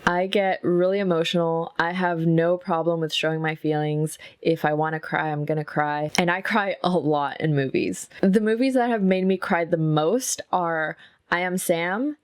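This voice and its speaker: Young woman, lowish voice, candid casual chat, close dry mic. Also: moderate pace, clean tone, dry recording. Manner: candid, chatty, swears freely. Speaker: makeup artist and vlogger. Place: at home. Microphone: close mic with soft, intimate pickup.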